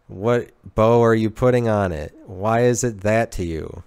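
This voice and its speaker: A man with a low, smooth, clear voice rambles through a comedic podcast monologue. He keeps restarting his sentences and talks to himself with irony. The sound is dry and close. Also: a little slow, hardly any pauses, darkish tone, dry recording. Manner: rambling, restarting sentences, ironic self-talk. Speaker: podcast host.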